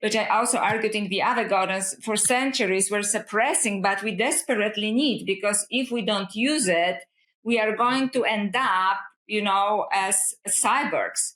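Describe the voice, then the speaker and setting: A woman's voice: mid-range voice, normal speed, fairly bright tone. Earnest woman scholar in a roomy space. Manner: reflective, earnest, often says "you know". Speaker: guest author and scholar. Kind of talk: conversational podcast interview. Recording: roomy echo.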